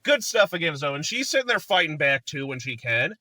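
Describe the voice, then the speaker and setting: A man gushes about a film in loose, rambling chat, breaking into laughter and quick impressions of the characters. His voice sits a bit high and sounds bright and forceful. The recording is dry and close. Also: big pitch swings, no echo. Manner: rambling, enthusiastic, laughs often, acts out movie lines. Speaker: movie reviewer. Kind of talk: casual movie review chat.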